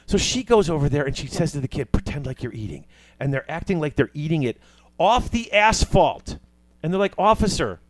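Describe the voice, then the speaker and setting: Male co-host with a higher-pitched, dry voice who recaps films with lively, acted-out quotes. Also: brisk, dry recording. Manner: animated retelling, acting out quoted lines. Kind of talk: casual movie recap.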